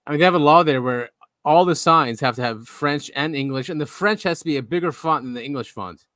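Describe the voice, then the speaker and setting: A man's voice: on the high side, fairly quick, a bit bright, no echo, clean studio sound. A man hosting a podcast in casual chat, chatty and eager to explain things. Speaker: podcast host.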